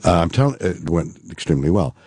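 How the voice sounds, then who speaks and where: An older man, a radio show guest, telling a long story in a halting way, full of fillers and restarts. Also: low-pitched, sing-song, darkish tone, slightly rough, dry recording.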